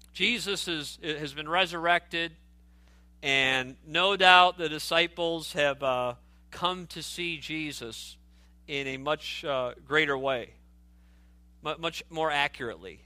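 Bright, high-voiced male preacher. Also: slow pace, no echo. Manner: earnest, emphatic, with many restarts and asides. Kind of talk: sermon.

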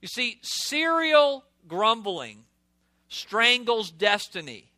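High bright-voiced preacher repeating for emphasis. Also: male voice, sing-song, slow, dry recording. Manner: emphatic, repeats key words for stress; asks the audience rhetorical questions. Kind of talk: sermon with scripture reading.

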